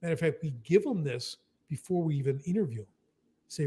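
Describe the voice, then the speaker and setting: A man's voice: medium pitch, dark tone, husky. A man explaining business strategy in a casual, emphatic way, often tagging "right?" and acting out short exchanges. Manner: emphatic, keeps adding "right?", acts out quick dialogue. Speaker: business coach.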